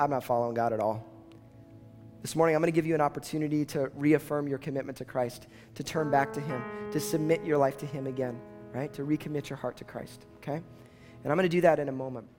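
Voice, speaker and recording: A man's voice: fairly high pitch, in a large hall. A man preaching an earnest sermon as pastor, building to fervent appeals to his listeners. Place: church auditorium.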